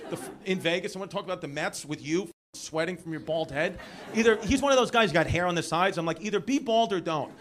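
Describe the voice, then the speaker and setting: A man with a New York accent doing stand-up crowd work, telling loud, rowdy stories with shouted impressions. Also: high voice, fast. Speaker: stand-up comedian. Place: comedy club stage. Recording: live club recording with noisy crowd. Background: crowd laughter.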